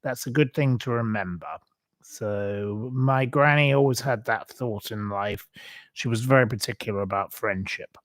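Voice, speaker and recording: Give me a chatty man of middle pitch hosting a casual stream, full of asides. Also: moderate pace, fairly bright tone, no echo. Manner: rambling and chatty, many ums and asides. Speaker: host. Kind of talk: casual livestream chat.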